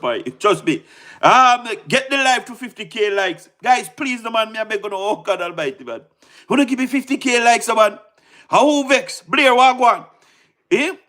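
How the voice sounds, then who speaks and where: High-voiced, excitable Jamaican man. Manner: excitable, repeats himself, fires rhetorical questions, laughs often. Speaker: livestream political commentator. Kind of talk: casual livestream commentary.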